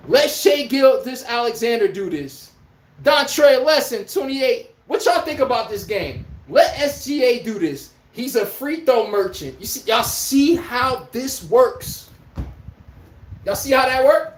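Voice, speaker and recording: A man's voice: very high voice, sing-song, normal speed. A man hosting a podcast, delivering a heated, profane sports rant with an incredulous tone. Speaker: podcast host. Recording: echoey room.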